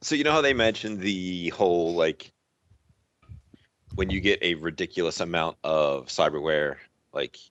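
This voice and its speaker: Very low-voiced man, playful player. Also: measured pace, a bit bright, muffled recording. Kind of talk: tabletop role-play over voice chat.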